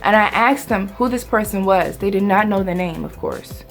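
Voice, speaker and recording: Animated woman telling a storytime. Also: medium pitch, moderate pace, faint music behind. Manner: animated, dramatic, conversational. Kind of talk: casual storytime vlog.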